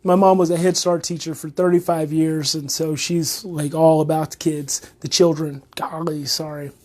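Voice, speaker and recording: A woman who is a parenting educator, talking in a casual monologue. She is animated, repeats her phrases and gets worked up. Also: low voice, normal speed.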